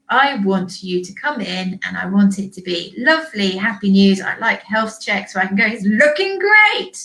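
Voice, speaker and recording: A woman vet hosting a casual discussion, animated and acting out owners and herself in quick quoted asides. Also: medium pitch, low-quality recording. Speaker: vet and podcast host.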